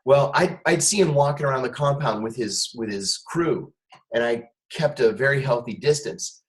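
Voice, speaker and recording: Over poor audio, a man with a mid-range voice speaks at normal speed as an interview guest. He used to be an intelligence officer, and he spins a lengthy personal tale with lively energy, performing the voices of each character.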